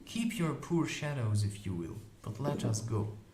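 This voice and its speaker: A man voicing a gentle, proud female unicorn with an earnest, lifted voice in a storybook reading. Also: medium pitch, very animated, measured pace, a little hiss or hum, voice pushed up. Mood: solemn. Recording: echoey room recording.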